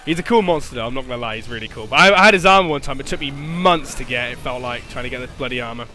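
A young man giving excitable gameplay commentary, swearing and shouting at the game. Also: medium pitch, very fast, over music. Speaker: gaming commentator.

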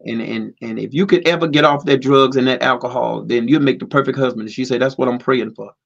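A man's voice: medium pitch, fast talker, gravelly, fairly bright tone, muffled recording. A man giving an earnest, emphatic conversational testimony.

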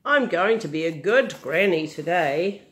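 A woman's voice: lowish voice, expressive, a little slow, fairly bright tone, voice pushed down. An older woman doing a chirpy storybook grandma. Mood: cheery. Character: cheerful sprightly old grandma, bossy but kind. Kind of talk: reading a picture book aloud.

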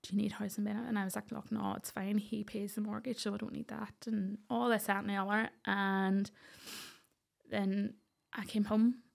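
Gravelly Northern Irish woman telling her story. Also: mid-range voice, moderate pace. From Northern Ireland. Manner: animated storytelling, acting out quoted voices. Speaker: guest. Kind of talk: personal storytelling in a podcast interview.

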